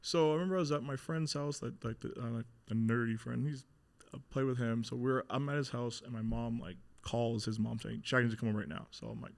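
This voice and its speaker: A young man with a gravelly, fry-laden voice at an ordinary middle pitch shares his own story as a podcast guest. He talks loosely and candidly, with plenty of fillers and blunt swearing. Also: fairly even intonation, fast. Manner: casual, heavy filler and frequent swearing.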